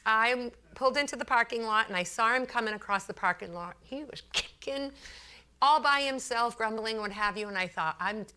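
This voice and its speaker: Bright-voiced woman telling a workplace story. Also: a little high, moderate pace, smooth. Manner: chatty, animated storyteller who acts out her anecdotes; frequent fillers and repeated phrases. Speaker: consultant giving a talk. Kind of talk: storytelling speech to a business audience.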